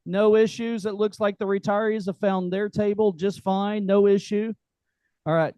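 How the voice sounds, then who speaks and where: A man's voice: high-pitched, fairly even intonation, normal speed, dark tone, clean tone, dry recording, low-quality recording. A man hosting a group meeting, casual, joking and folksy, with lots of fillers. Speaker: meeting host. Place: meeting room.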